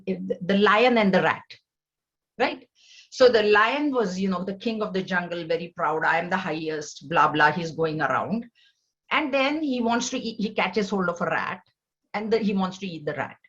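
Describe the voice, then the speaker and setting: Earnest lady teaching a scripture class, lots of restarts, mid voice, kinda muffled recording. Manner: earnest, repetitive, with many restarts; lively, rising pitch when stressing points. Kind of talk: spiritual lesson on scripture.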